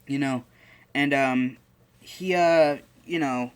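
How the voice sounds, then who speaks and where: A man's voice: medium pitch, slow, clean tone. A man casually retelling a story idea in a rambling way, full of fillers and restarts.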